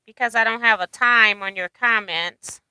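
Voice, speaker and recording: Bright chatty woman reading viewer comments. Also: a little high, normal speed, clear, resonant tone, no echo, poor audio. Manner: chatty, laughs often, reads comments aloud. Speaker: livestream host. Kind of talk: casual livestream chat reading viewer comments.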